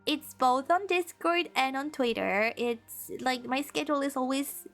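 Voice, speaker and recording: A woman's voice: sits high, a little slow, creaky, fairly bright tone, faint music behind. A young woman streaming a game, chatting casually with her viewers and teasing them with mock laughter.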